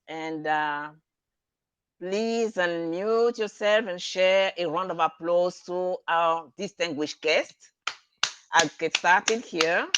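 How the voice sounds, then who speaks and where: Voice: mid-range voice, a bit bright, no echo. A meeting host thanking a guest speaker over a video call, a bit hesitant and fumbling a title. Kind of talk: hosting online meeting.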